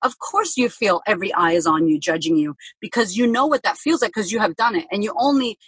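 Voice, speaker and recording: A woman talks frankly about motherhood, swearing freely and acting out what other people say. Her voice is a little husky. The recording sounds close and dry, with no room echo. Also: mid-range voice, fairly quick. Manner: blunt, profane, animated storytelling with acted quotes. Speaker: parenting guest. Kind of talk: candid podcast conversation.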